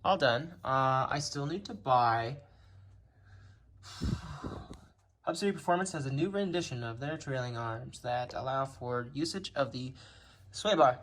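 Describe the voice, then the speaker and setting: A man's voice: mid-range voice, unhurried, pauses often, background noise. Casual man rambling through a car-build update. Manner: rambling, clears his throat often, relaxed fillers. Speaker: car builder showing his project.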